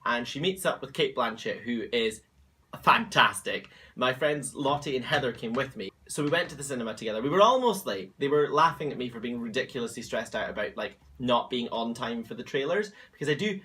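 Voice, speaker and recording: Animated, chatty young man. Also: mid-range voice, brisk. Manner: animated, gossipy and opinionated. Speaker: vlog host. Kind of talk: casual chatty vlog.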